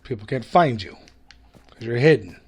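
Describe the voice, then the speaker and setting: A man's voice: medium pitch, lively intonation, moderate pace, a little mellow, husky. Chatty man narrating his gameplay. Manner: chatty, self-mocking, hums and laughs to himself. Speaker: gaming video host. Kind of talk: casual gameplay commentary.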